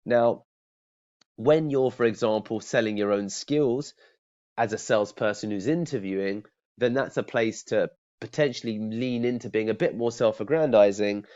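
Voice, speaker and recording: Low voiced guy teaching cold calling, chatty, keeps restarting, kinda muffled recording. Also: normal speed, darkish tone. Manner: conversational, many restarts, asks "okay?". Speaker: sales trainer. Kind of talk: training talk to camera. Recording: dull lo-fi sound.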